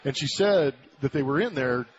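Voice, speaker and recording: In a casual interview, a former baseball player in his forties from Southern California shares a story at normal speed in a mid-range voice, with a little hiss or hum. The radio broadcast sound is muffled. He tells it with animation and acts out the voices of the people he quotes.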